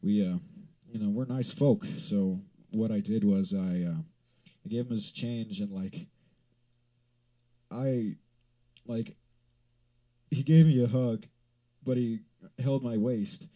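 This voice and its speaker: A man from Wyoming telling a rambling, profane story in a casual vlog, swinging into loud exasperated rants. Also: on the low side, slow, pauses often, highs cut off.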